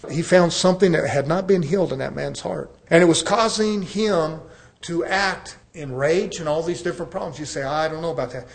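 A man's voice: a little high, moderate pace, vocal fry. A male pastor preaching a sermon in an earnest way, addressing the congregation as brethren and telling stories with acted-out dialogue. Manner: conversational storytelling with acted-out dialogue.

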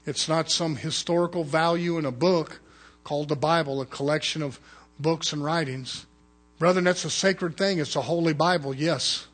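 Husky preacher guy going hard, gets loud then real quiet, kinda high voice. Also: normal speed. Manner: fervent preaching, swinging from loud to hushed. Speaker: pastor. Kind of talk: sermon.

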